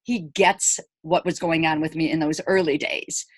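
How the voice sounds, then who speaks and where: Low-pitched and at a moderate pace, with no echo, an elementary school teacher in her 40s tells personal stories casually to camera. Chatty throughout, she plays out scenes in quoted dialogue and speaks emphatically and animatedly to viewers on the side.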